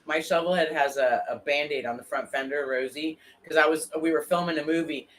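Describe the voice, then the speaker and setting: A woman hosting a casual motorcycle talk show, telling lively stories and swearing freely. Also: low-pitched, fairly quick. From Florida. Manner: animated storyteller, swears freely. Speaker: podcast host. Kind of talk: casual chat.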